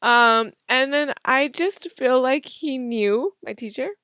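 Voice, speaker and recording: Young woman podcast co-host, slightly high voice, dry close sound, laughs through her stories. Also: takes it slowly, sharp tone, clear, resonant tone, dry recording. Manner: laughing, swearing, acts out her own quotes. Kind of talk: casual storytelling chat.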